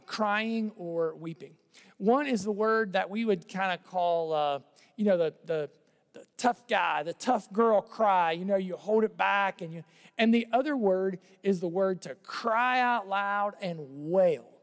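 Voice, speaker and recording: A man preaching a sermon in a conversational way, repeating phrases and letting his voice drop softly at the ends of lines. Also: high voice, in a large hall. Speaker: pastor.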